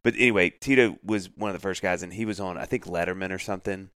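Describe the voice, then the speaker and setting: Speaking fast in a low register with a clean tone, this man co-hosts a podcast and spins animated stories, voicing quotes and laughing a lot. The audio is dry and studio-clean.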